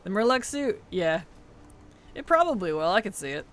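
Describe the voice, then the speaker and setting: A man's voice: high voice, sing-song, normal speed, fairly bright tone. A man streaming a game, chatting casually, laughing often and greeting his chat as he plays. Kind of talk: casual gaming livestream chat.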